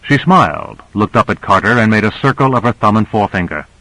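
Dry, steady male audiobook narrator. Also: on the low side, no room sound, rough recording. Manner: steady, measured reading.

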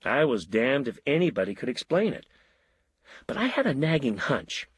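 A middle-aged man narrates a short story in a wry, measured way. His voice is husky with a lively rise and fall. The sound is close and dry. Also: medium pitch, no room sound.

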